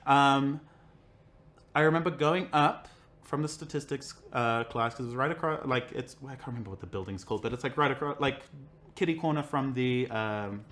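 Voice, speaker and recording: A man's voice: medium pitch, normal speed. Young man telling a story, full of fillers. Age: young adult. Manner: animated, acts out quoted voices, many "like" fillers. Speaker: guest. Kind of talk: casual conversational storytelling.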